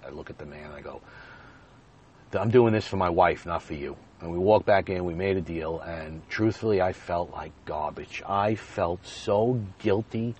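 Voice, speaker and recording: Brief: low-voiced male podcaster, candid storytelling monologue, animated delivery, faint background hiss. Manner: animated retelling, swinging between loud bursts and quiet asides.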